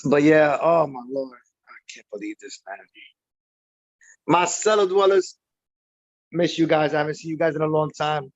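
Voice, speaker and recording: On a livestream, a tipsy baseball fan rambles between laughs about his team's playoff game in loose, casual reaction chat. His voice leans high and his pace is moderate. There's no room sound, and the lo-fi audio comes across dull and dry.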